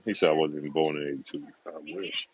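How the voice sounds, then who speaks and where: Very deep and husky, the voice of this middle-aged sports livestream host moves fast with fairly even intonation. He calls out viewers by name and makes emphatic, confident predictions, repeating himself to drive them home. The recording is dry and rough.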